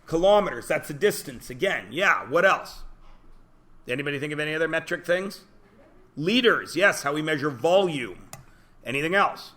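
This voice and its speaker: A man's voice: fairly high pitch, animated, moderate pace, pushed and bright. A man teaching a class, chatty and joking as he lectures and quizzes his students in a classroom.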